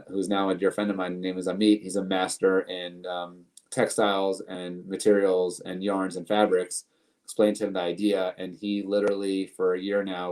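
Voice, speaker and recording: Low, flat-voiced man in earnest interview. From United States. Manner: earnest, piles up long lists and repeats words. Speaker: guest, company co-founder. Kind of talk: casual interview.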